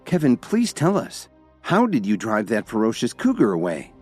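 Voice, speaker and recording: A man's voice: mid-range voice, huge pitch swings, normal speed, a little mellow, husky, faint music behind, pitched above the performer's own voice. A man voicing a curious young woman who asks eager questions in a raised voice.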